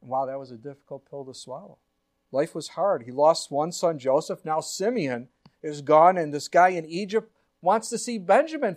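A man's voice: on the high side, expressive, normal speed, a little mellow. A man, a pastor, preaching a sermon in an earnest way, full of rhetorical questions and acted-out quotes. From United States.

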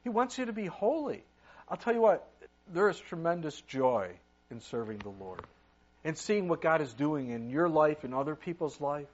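An older man preaching a sermon as a pastor, reading scripture aloud and swinging between loud emphasis and quiet asides. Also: on the high side, very animated, moderate pace, highs cut off. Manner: preaches with sudden rises and drops in loudness, reads scripture aloud.

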